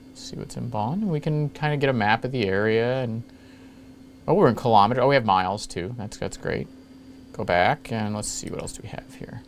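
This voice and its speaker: A man hosting a casual screen-capture walkthrough of old software, rambling along with jokey, self-mocking asides. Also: mid-range voice, slight background noise. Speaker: retro computing video host.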